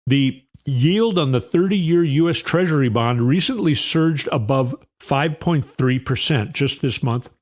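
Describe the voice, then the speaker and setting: A man's voice: mid-range voice, unhurried, hardly any pauses. A man hosting a political commentary show, sarcastic and often sighing. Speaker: host.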